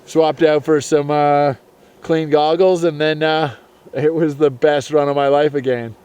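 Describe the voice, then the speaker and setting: A young man talks out on a snowy slope, recounting a run to the camera in relaxed, slangy vlog style. His voice sits slightly high and sounds mellow and warm, with a smooth, clean tone. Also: a little slow. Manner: casual, laid-back slang. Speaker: snowboarder. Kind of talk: on-location vlog storytelling. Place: snowy mountain slope outdoors.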